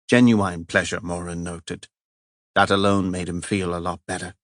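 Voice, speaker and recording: Reading from a crime novel, this low-voiced male audiobook narrator keeps his scripted delivery measured and even. The studio recording is clean and free of room sound.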